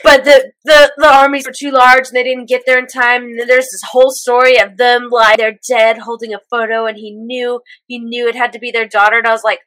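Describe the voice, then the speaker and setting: Woman, co-host, bright tense voice, dry close sound, stuffy from a cold, animated recap chat. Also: fairly high pitch, dry recording, low-quality recording. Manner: animated, quick recapping with quoted character lines. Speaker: podcast co-host recapping an anime episode. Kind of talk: casual chat.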